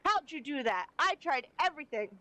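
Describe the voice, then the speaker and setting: A spirited young archer princess, read aloud by a woman streamer. Her lines come in a plain voice that makes no attempt at an accent, pitched a little high. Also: lively intonation, brisk, pushed and bright, dry recording. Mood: upbeat. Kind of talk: reading game dialogue aloud.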